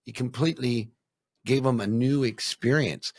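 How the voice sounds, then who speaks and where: A male interview host with a gravelly, husky voice. He responds eagerly and thinks out loud, and the recording is dry and close. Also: medium pitch, normal speed, no room sound. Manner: enthusiastic, thinking aloud with many "you know"s. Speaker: podcast host. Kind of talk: casual interview chat.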